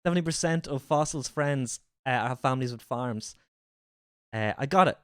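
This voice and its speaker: A man's voice: mid-range voice, moderate pace, a bit bright, clean tone, dry recording, studio quality. A man streaming a reaction to a video, riffing with incredulous, swearing commentary.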